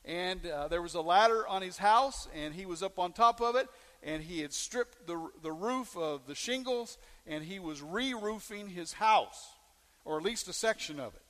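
Male pastor mid-sermon, folksy, asks the room questions; high voice, echoing church hall. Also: normal speed, fairly bright tone. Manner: folksy storytelling with questions to the congregation.

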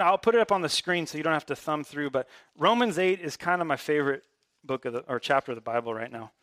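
A man's voice: fairly high pitch, fairly bright tone, no echo, studio quality. A male pastor delivering a sermon in a conversational, emphatic way, with casual asides.

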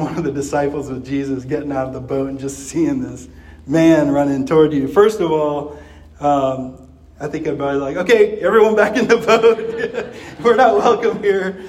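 A man preaching a sermon in a conversational way, with chuckles and fillers. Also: darkish tone. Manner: acts out quoted voices with pitch jumps. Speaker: pastor.

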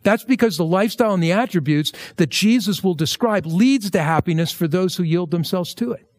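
Male pastor, higher-pitched, dry close sound, relaxed preaching with humorous asides. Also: a little fast, no room sound. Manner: conversational, jokey asides, lively emphasis. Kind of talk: verse-by-verse sermon.

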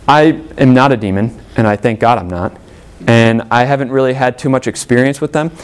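A man's voice: mid-range voice, a little mellow. A man preaching a sermon earnestly, stressing points with rhetorical questions. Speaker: pastor.

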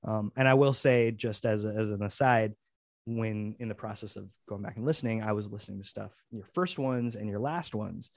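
A man's voice: on the low side, normal speed, creaky, no room sound, studio quality. A man chatting as a new podcast co-host, earnest and rambling, with many restarts. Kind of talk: casual podcast chat.

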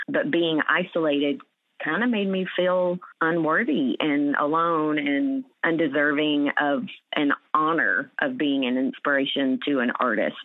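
A woman's voice: low voice, no echo. A woman, a cancer survivor being interviewed, speaking earnestly and emotionally with many fillers and restarts. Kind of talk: heartfelt conversational interview. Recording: tinny phone-like line.

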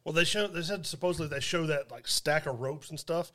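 A man's voice: on the high side, brisk, fairly bright tone. A man co-hosting a podcast, casually explaining his take on a film scene. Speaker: podcast co-host. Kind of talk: casual chat.

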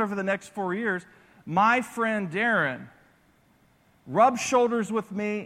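High bright guy telling stories in a sermon, big echoey hall. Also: unhurried. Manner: animated, personal storytelling. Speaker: preacher. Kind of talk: storytelling sermon.

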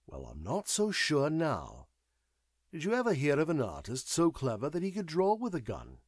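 A man reading an audiobook, voicing a cheerful, clever English gentleman with a light, teasing tone. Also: fairly high pitch, wildly swooping pitch, moderate pace, breathy edge, no echo, clean studio sound, pitched above the performer's own voice, full character voice. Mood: playful. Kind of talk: audiobook character voice.

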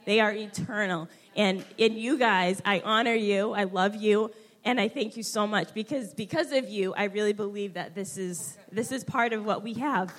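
A young woman speaking at a church gathering, heartfelt and halting as she fights back tears. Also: mid-range voice. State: close to tears. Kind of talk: emotional tribute at a church women's gathering.

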